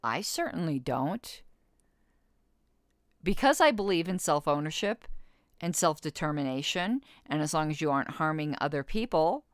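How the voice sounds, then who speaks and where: A woman in her fifties reads an interview aloud, then argues back bluntly in a lowish voice that swings up and down a lot. The sound is close and dry, with no room echo. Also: big pitch swings, normal speed. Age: 50s. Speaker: podcast host. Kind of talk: reading an interview aloud and commenting.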